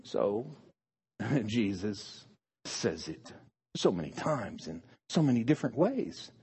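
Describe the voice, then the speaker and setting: Husky, lively-voiced preacher man. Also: lowish voice, slow. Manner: dramatic swings between hushed and emphatic delivery. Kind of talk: sermon.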